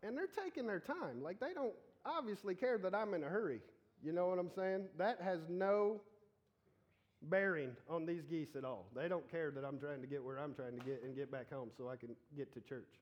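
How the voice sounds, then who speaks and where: A man preaching a casual sermon, animated and joking as he talks straight to the congregation. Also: on the high side, normal speed, muffled recording.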